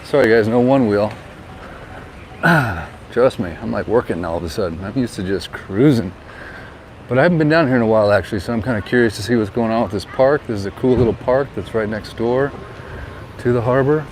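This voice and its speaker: A man narrates his stroll through a harbor town in an easy, conversational vlog manner. He points things out and offers tips like a friendly local guide. Traffic and street noise come through clearly behind him. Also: mid-range voice, brisk, low-quality recording. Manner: chatty, relaxed tour-guide commentary. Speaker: vlogger and real estate agent. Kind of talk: casual walking vlog narration.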